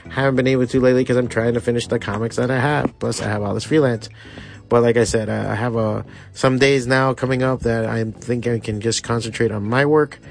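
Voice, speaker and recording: A man's voice: mid-range voice, fairly even intonation, a little fast, gravelly. Rambling, foul-mouthed man hosting a podcast. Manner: rambling, profane, loose storytelling. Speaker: podcast host. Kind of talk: casual solo podcast monologue.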